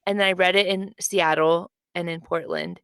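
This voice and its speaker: A young adult woman co-hosting a casual book podcast, telling stories with lively acted-out quotes. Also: normal speed, clean tone, no room sound. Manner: animated storytelling, acts out quotes with big pitch jumps. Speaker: podcast co-host. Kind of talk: casual chat.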